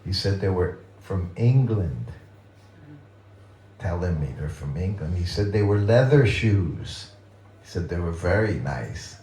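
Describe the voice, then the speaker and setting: An older man giving a temple talk, reminiscing in a gentle, chuckling storytelling way. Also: low-pitched, animated, a little slow, far from the mic. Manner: gentle, chuckling anecdotal delivery. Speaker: guest speaker at a temple. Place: temple hall. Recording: roomy temple hall with faint ambience.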